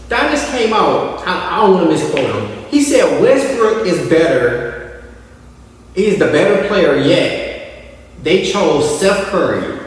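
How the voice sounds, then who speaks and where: A man hosting a casual sports podcast, animated and mocking, putting on voices of players and coaches. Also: on the high side. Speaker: podcast host. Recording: echoey room, voice from a distance.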